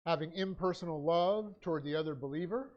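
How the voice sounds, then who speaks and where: Man dictating a Bible class, lo-fi. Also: fairly high pitch. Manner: dictates notes slowly with many fillers. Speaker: Bible teacher.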